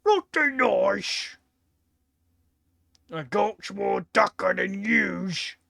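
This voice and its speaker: A woman voicing a boastful male ork warrior who brags loudly and slowly in gruff slang. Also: medium pitch, animated, no room sound, studio quality, voice pushed up, heavily acted. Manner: loud, slow and gloating, in gruff slang.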